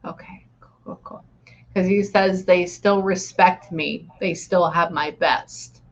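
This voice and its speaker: A woman's voice: lowish voice, steady tone, slow pace. A woman psychic medium in a casual reading session, relaying messages and often saying "okay" and "hang on".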